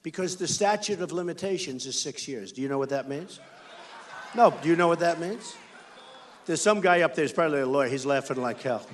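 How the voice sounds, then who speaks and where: Speaking fairly quickly with a fairly high pitch, an American candidate addresses a campaign rally. His speech is emphatic and repetitive, delivered on a stage mic inside a big indoor hall.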